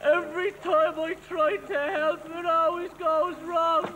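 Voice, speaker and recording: An actor playing a young Dublin man with a Dublin Irish accent, speaking quietly and haltingly with shame. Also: very high voice, level tone. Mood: remorseful. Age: young adult. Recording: noisy film soundtrack.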